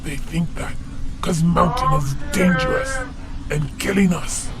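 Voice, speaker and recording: A nervous hill giant henchman, as a storyteller puts him on, voicing his doubts in broken grammar. The voice is pushed up high and gravelly with fry, and it drags very slowly. Music plays clearly behind him. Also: steady tone. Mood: worried.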